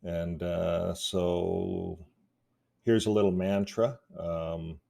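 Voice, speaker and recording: A man with a low, gravelly voice talks casually to his viewers in a vlog. His tone is dark and mellow, and his delivery is relaxed and rambling, broken up by frequent chuckles. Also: extremely slow. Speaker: YouTube activist vlogger.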